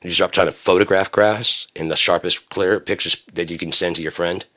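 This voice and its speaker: Deep-voiced man on a profane philosophical rant. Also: fairly even intonation, moderate pace, a bit bright. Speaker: solo rambling monologue. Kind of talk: stream-of-consciousness rant.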